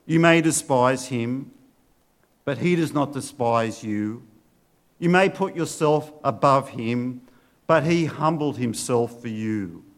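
An earnest male pastor delivering a sermon and leading prayer. He speaks slowly and deliberately, at a middle pitch, letting each phrase land. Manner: earnest, slow and deliberate preaching. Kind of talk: sermon with storybook readings and prayer.

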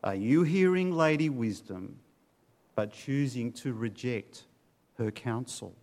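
Male pastor preaching, slow delivery, lively pitch swings, dramatic urgency. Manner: dramatic, swings between loud urging and low hushed warnings. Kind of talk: sermon.

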